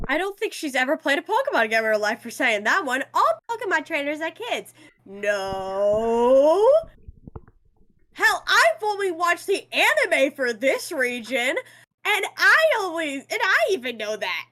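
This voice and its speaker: A woman streamer talks casually, loud and quick to joke, with plenty of swearing. Her voice sits high and jumps all over the place. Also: sing-song. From United States. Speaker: co-host of a live stream. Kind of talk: casual live-stream chat.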